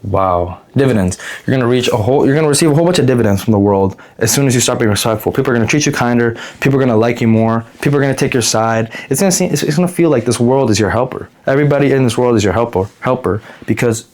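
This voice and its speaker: A man's voice: mid-range voice, very fast, hardly any pauses, darkish tone. A man giving casual advice in a blunt, profane monologue that rambles and restarts. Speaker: advice vlogger.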